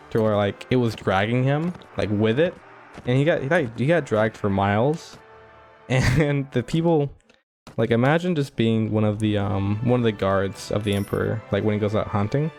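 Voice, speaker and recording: With a mid-range, darkish voice, this man rambles casually through commentary on his own game playthrough. Fillers, especially "like," pile up, and he chuckles in asides.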